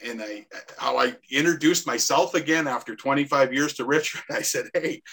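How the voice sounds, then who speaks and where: A man's voice: medium pitch, brisk, vocal fry, a bit bright, slightly rough. A Canadian man in his sixties, a former hockey player, telling rambling anecdotes as a podcast guest and acting out the voices in them. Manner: rambling anecdotes with laughs, acts out quoted voices. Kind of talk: casual storytelling.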